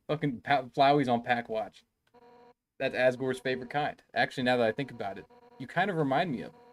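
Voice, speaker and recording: A man's voice: mid-range voice, brisk, close to an everyday voice. A man reading aloud the lines of a brash female fish warrior who leads a royal guard, in his own everyday voice during a live game stream. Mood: boastful, casual.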